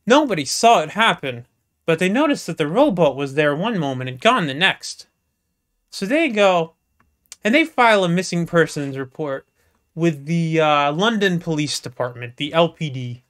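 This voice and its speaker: Live storyteller, stretched-out joke, sudden loud bursts. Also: medium pitch, big pitch swings. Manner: drawn-out, playful narration with sudden bursts. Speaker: comedic storyteller. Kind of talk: live shaggy-dog joke telling.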